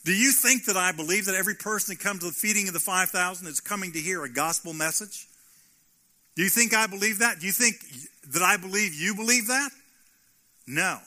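Bright, high-voiced preaching pastor. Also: male voice, a little fast. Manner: preaching with rhetorical questions and emphatic repetition. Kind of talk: sermon.

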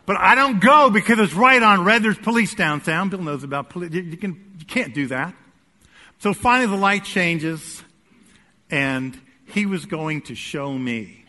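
Bright-voiced animated male preacher. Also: a little high. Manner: animated storytelling, swings from soft asides to loud emphatic peaks. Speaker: pastor. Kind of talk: sermon with humorous personal story. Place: church sanctuary with congregation.

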